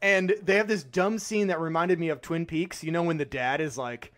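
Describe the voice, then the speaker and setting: A man's voice: fairly high pitch, fairly even intonation, moderate pace, a bit bright. A young man co-hosting a podcast, chatting casually about a movie, laughing often and acting out lines in silly voices. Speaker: podcast co-host. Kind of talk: casual movie review chat.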